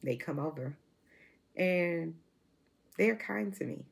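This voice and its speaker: A woman's voice: sits low, lively intonation, slow, gravelly, breathy edge. A woman in her forties giving an emotional, emphatic monologue to camera, repeating herself and restarting sentences. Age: 40s. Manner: emphatic and repetitive, full of restarts. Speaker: vlogger.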